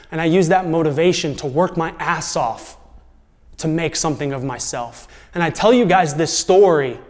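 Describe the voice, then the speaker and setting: An earnest man delivers a motivational talk to camera in a slightly high voice. He speaks slowly and deliberately, letting phrases fall away softly. A long reverb trails behind his words. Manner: earnest, slow and deliberate, dropping to a soft voice at the ends of phrases. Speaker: host.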